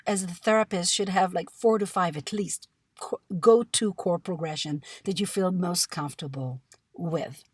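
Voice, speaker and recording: A woman with a somewhat low voice walks listeners through a technique in an instructional presentation. Her delivery is measured and explanatory, dotted with small fillers. The recording is dry and close, with no room sound. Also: slightly rough, no echo. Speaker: music therapist.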